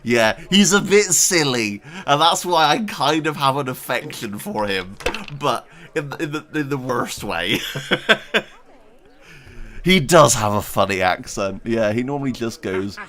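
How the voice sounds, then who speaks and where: Reading out viewers' questions as he plays, this livestreamer chats casually, rambles, pokes fun at himself, and laughs a lot. His voice is medium-pitched and a bit bright, with big pitch swings and a moderate pace.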